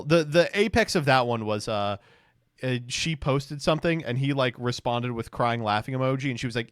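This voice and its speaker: A man's voice: mid-range voice, animated, normal speed, smooth, no room sound, clean studio sound. Sarcastic man riffing on posts. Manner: sarcastic, mocking, rambling. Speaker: streamer. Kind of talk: casual reaction commentary.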